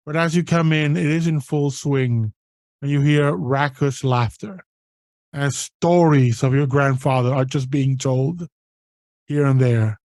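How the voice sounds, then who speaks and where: A man narrating a tabletop role-playing game as game master, setting scenes in a deliberate way. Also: medium pitch, fairly even intonation, a little mellow, no echo.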